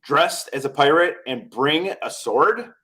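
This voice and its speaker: A man co-hosting a casual chat show, joking and acting out quick little voices as he talks. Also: on the high side. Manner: animated, jokey, acts out little quoted voices. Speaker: podcast co-host.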